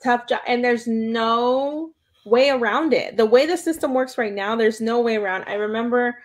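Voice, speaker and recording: A woman's voice: fairly high pitch, moderate pace. A young woman hosting an interview, friendly and affirming, often backing up her guest. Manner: friendly, affirming, frequent backchannels. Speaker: interviewer, host. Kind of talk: conversational interview.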